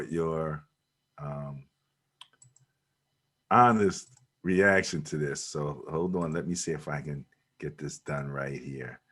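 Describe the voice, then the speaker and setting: A man co-hosting a casual football talk show who laughs easily and keeps the banter going. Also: low-pitched. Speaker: sports talk show co-host. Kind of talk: casual sports radio chat.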